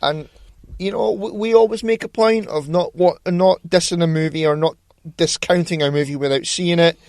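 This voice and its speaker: A man's voice: on the high side, fairly even intonation, moderate pace, darkish tone, dry recording, studio quality. A man co-hosting a casual film podcast, ranting about movie news with plenty of swearing. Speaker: podcast co-host.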